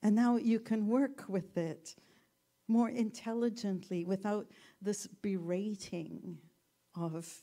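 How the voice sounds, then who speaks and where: Slow, mellow-voiced woman giving a gentle talk. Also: medium pitch, fairly even intonation. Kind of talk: reflective talk with a story.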